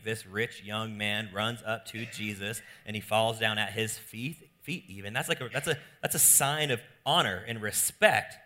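A young adult man, a pastor preaching a sermon with animated, playful storytelling. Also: mid-range voice.

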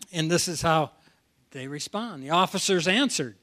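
A man's voice: on the high side, expressive, moderate pace, bright, forceful tone. A man preaching an expository sermon, talking animatedly and often repeating words as he restarts a phrase. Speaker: preacher teaching from the Bible.

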